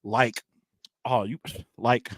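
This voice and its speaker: A man's voice: mid-range voice, fairly even intonation, slow pace, no echo, studio quality. A man hosting a podcast, talking in a rambling, slangy, self-mocking way in casual chat. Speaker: podcast host.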